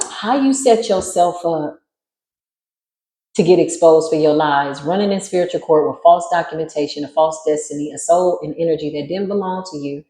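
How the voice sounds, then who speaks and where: A woman's voice: sits low, normal speed, reverberant, noisy background. A woman giving a spiritual tarot reading in a sassy, emphatic, preachy way. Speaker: tarot reader.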